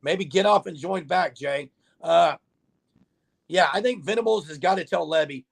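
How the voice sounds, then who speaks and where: A man's voice: on the high side, moderate pace, creaky, husky. A man hosting a casual sports livestream, chatting and joking with callers and reading out viewer comments. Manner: chatty, jokey, talks straight to viewers. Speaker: host of a sports livestream show.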